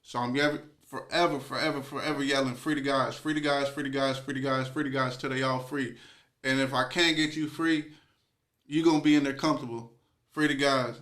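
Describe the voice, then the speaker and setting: A man's voice: mid-range voice, little pitch movement, a little fast, fairly bright tone. A man hosting a podcast, talking in an emphatic, repetitive, rallying way in a casual conversation. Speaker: podcast host.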